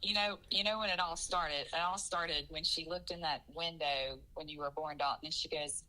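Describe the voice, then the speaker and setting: Woman on the family chat, lowish bright voice, dry teasing. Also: fairly even intonation, normal speed, poor audio. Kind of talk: casual chat.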